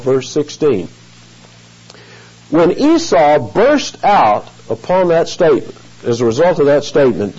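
A man's voice: a little high, dark tone. A man preaching an expository sermon, earnest and emphatic, stretching out key phrases. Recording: muffled lo-fi recording.

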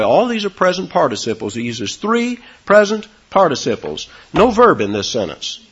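A man preaching a sermon, with sudden high, loud emphasis on key words and a husky voice. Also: highs cut off. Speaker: pastor.

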